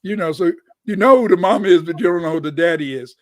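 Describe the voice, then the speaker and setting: Older man with a high voice, rambling. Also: quick pace, no room sound. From United States. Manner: rambling, repeats words, cusses. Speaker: guest scholar. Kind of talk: casual live-stream talk.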